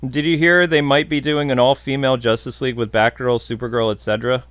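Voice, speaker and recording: Blunt, opinionated podcast host. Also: male voice, medium pitch, steady tone, fast, a bit bright, no echo. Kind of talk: casual podcast chat answering viewer questions.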